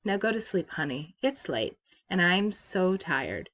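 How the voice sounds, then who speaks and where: Quiet tender mother, woman reading her part, whispery calm, kinda muffled. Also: fairly low pitch, measured pace, heavily acted. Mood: soothing. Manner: quiet, hushed and soothing. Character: tired, tender mother comforting her son.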